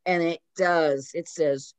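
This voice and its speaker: A woman hosting a podcast talks through a story in a relaxed, conversational way. Her voice sits on the low side and is scattered with "like" and "kind of." The sound is close and dry, with no room echo. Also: slow, clear, resonant tone. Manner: retells a story loosely, with many "like" fillers. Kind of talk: casual storytelling chat.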